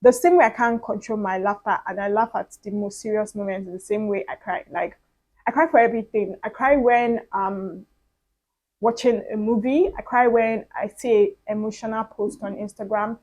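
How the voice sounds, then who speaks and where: A woman's voice: mid-range voice, steady tone, moderate pace, a little mellow, poor audio. A young woman hosting her own podcast, talking casually and earnestly to her audience, with frequent fillers and repeated words. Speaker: podcast host. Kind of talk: casual solo monologue.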